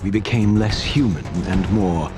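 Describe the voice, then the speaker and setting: An actor playing Raziel, a brooding undead vampire, narrating in a grave, measured game cutscene. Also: male voice, lowish voice, lightly acted. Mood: solemn. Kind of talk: solemn video game narration. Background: loud music.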